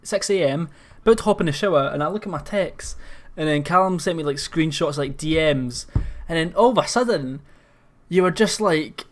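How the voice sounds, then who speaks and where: A young Scottish man chatting casually on a podcast. He is laid-back, swears freely and laughs easily at his friend's stories. His voice sits a little high for a man. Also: normal speed. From Scotland. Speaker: podcast co-host. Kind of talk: casual chat.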